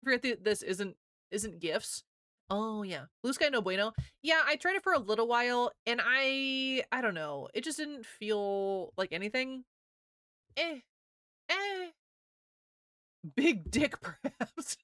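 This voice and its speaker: A woman's voice: on the high side, very animated, pushed and bright, clean tone, no echo, clean studio sound. Giggly chatty woman streamer. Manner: giggly, laughs often, quick and chatty. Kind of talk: casual chat with viewers.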